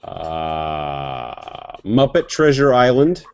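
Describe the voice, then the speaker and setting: Web show host, male, animated jokey delivery, dry close sound. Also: sits low, very slow, smooth, dry recording, muffled recording. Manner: rambling, jokey, lively. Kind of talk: casual chat.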